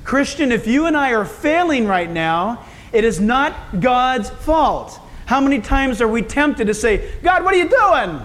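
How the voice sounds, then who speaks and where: Male pastor, high voice, chatty folksy sermon delivery. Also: animated, unhurried, a bit bright. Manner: folksy, conversational preaching with asides to the congregation.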